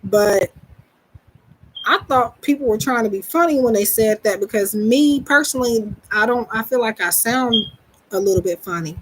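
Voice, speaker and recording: A woman's voice: on the high side, normal speed, slight background noise, poor audio. A woman with a Southern US accent, a psychic reader hosting a live stream, talking casually and rambling with many restarts. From Southern United States. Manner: rambling, chatty, self-deprecating, with many restarts.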